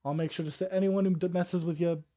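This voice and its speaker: A man's voice: high-pitched, fairly even intonation, quick pace, dark tone, natural voice. A man voicing a menacing, smug female guild boss with shark teeth in a tabletop game. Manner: smug, threatening.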